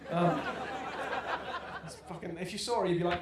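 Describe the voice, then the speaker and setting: A young man in his twenties doing a stand-up comedy set, telling self-deprecating stories and bursting into loud shouted punchlines. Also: sits high, racing, slight background noise. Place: comedy club stage with live audience. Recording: roomy live venue sound. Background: audience laughter.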